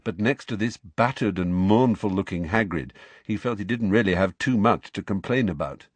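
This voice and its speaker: A man narrating a novel aloud with expressive storytelling. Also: lowish voice, moderate pace, dry recording. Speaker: audiobook narrator. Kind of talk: scripted narration.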